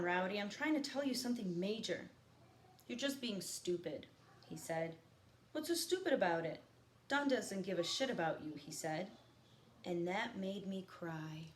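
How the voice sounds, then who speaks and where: A woman teacher reading a novel aloud to her students, stopping for quiet teaching asides. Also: fairly low pitch. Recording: echoey room with faint background noise.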